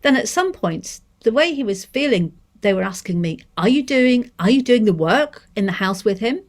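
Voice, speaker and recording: A woman's voice: a little high, lively intonation, moderate pace, pitched above the performer's own voice. A woman from Manchester reading aloud the words of an angry young Scottish mother, with a Scottish lilt and a heated, self-questioning manner. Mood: resentful.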